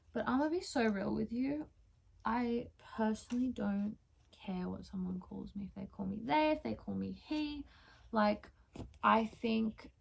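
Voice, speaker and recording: A young woman vlogging in a chatty, self-mocking way, full of "like" and quick asides. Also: mid-range voice, creaky. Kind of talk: casual vlog chat.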